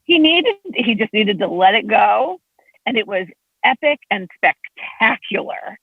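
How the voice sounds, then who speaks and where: A woman's voice: a little slow, slightly rough, no echo. A woman, a state legislator, chatting as a guest and telling stories with big swings in her voice. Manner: animated storyteller, big pitch swings. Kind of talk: casual chat. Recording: tinny phone-like line.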